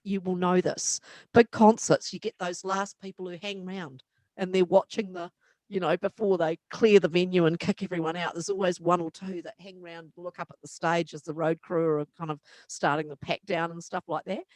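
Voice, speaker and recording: A woman with a New Zealand accent, a publicist and musician, telling an animated backstage anecdote as an interview guest. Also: fairly low pitch, normal speed, no echo. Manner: animated, acts out voices in her stories. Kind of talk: anecdotal storytelling.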